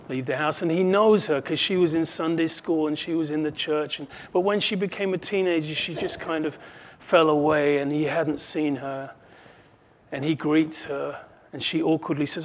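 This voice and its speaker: A pastor giving a sermon, earnest and emphatic, repeating phrases for effect. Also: male voice, fairly high pitch.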